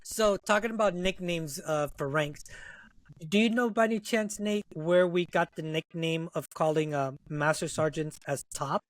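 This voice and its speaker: A man's voice: fairly high pitch, moderate pace, dry recording, low-quality recording. Male co-host, dry close sound, reflective, conversational, frequent check-ins. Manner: reflective, checks in often with "right?". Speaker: podcast co-host, retired Navy corpsman. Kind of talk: casual podcast conversation.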